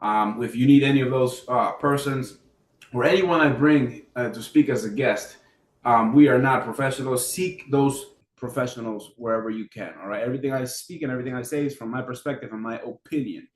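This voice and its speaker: A man giving a casual, animated business funding lesson, firing rhetorical questions and restarting his sentences often. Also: medium pitch, a little fast. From New York. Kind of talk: casual teaching monologue. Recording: echoey room, mic at a distance.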